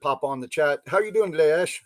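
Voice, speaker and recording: A man's voice: fairly high pitch, animated, a little fast, crowd noise. A man co-hosting a live podcast, chatting casually in long rambling stretches, laughing often and restarting his sentences. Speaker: podcast co-host. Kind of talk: casual chat.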